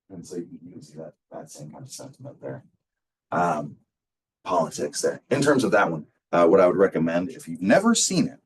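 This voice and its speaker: Seated a fair way from the microphone, a low-pitched male instructor talks his class through a lecture in a loose, rambling fashion with frequent ums and restarts. It comes across as a casual, unpolished classroom recording.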